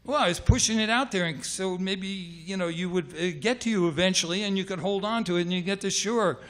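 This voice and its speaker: A man voicing his male buddy, who calmly explains himself in a matter-of-fact way. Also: high-pitched, fairly quick, voice pushed up. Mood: sheepish explaining. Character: sheepish adult male buddy, unflustered.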